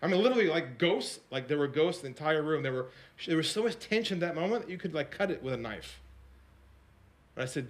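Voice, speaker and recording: Animated man telling a sales story. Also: fast. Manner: animated, swings between hushed quoted lines and high excited narration; repeats and restarts words, asks the audience questions. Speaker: sales coach. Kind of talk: storytelling keynote talk.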